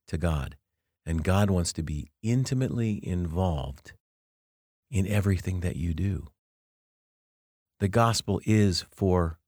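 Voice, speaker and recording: A man hosting a podcast, speaking in a slow, earnest preaching cadence about faith. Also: low-pitched, darkish tone, no room sound, studio quality. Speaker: podcast host and teacher. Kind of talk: reflective sermon-style podcast talk.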